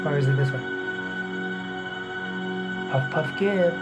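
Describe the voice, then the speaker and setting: A man's voice: on the high side, slow, loud music behind the voice. A man hosting a casual fantasy football league recap, joking and teasing with plenty of swearing.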